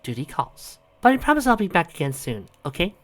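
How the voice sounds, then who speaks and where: A man's voice: sits high, big pitch swings, a little fast, pitched above the performer's own voice. A man voicing a female military commander, firm with her troops and tender with a captive creature. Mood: commanding.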